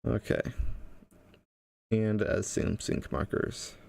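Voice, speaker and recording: A man teaching game development on a livestream, talking casually and thinking aloud as he works, with frequent pauses and restarts. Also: fairly low pitch, sing-song, gravelly, a little mellow, dry recording, studio quality.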